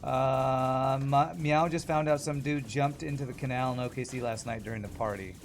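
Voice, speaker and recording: A man's voice: medium pitch, fairly even intonation, normal speed, soft background music. A man chatting casually as he streams a game, rambling and laughing often. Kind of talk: casual gameplay commentary.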